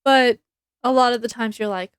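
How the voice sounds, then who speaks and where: A woman's voice: fairly high pitch, steady tone, moderate pace, clear, resonant tone, no room sound, studio quality. A woman chatting casually in a book review vlog, rambling with many ums and restarts, laughing easily and acting out her reactions.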